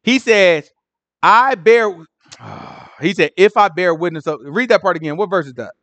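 A man leading a Bible study in an animated, conversational way, repeating phrases and asking the group questions. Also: high voice, measured pace, no echo.

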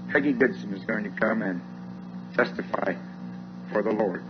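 A man's voice: fairly low pitch, normal speed, pauses often, dull audio, soft background music. Man announcing a church service.

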